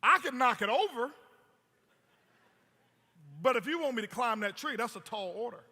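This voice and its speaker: A man's voice: very high-pitched, lively intonation, moderate pace, sharp tone, heavily acted. A man voicing a wry, big male elephant from a fable, raising a dry objection. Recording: long hall reverb.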